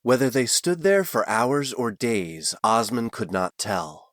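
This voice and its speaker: Male audiobook narrator, lively pitch, dry close recording. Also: a little slow, dry recording. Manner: expressive storytelling. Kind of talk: scripted narration.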